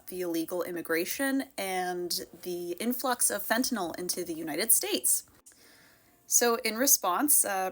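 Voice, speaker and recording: A woman's voice: medium pitch, fairly bright tone. A woman from Canada giving scripted political commentary at home, sarcastic and exasperated, close to the mic.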